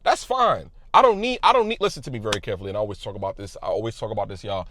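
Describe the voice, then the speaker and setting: A man giving a passionate motivational talk to his viewers, loud and emphatic, repeating phrases for weight. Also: lowish voice, lively intonation, racing, a little hiss or hum. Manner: loud at times. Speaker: YouTube creator.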